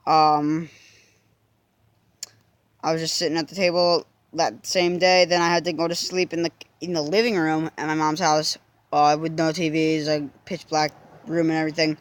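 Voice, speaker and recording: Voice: mid-range voice, little pitch movement, moderate pace, clear, resonant tone. A young person casually telling a personal story to the camera, rambling through restarts and fillers and swearing now and then.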